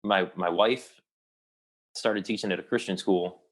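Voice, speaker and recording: A man's voice: low-pitched, steady tone, measured pace. A young adult man, an actor, telling a long personal story in a casual interview and rambling with many restarts.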